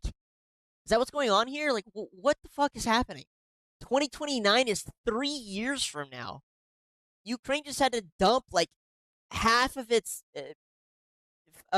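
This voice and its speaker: A woman's voice: on the high side, dry recording, low-quality recording. Exasperated swearing woman commentator. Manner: exasperated, swears a lot, says "bro". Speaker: commentator reacting to a hearing clip. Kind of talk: casual reaction commentary.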